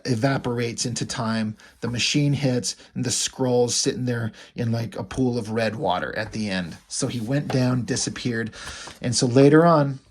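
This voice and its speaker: A man casually recapping a comic book, loose and rambling with many fillers. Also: medium pitch. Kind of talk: casual comic review narration.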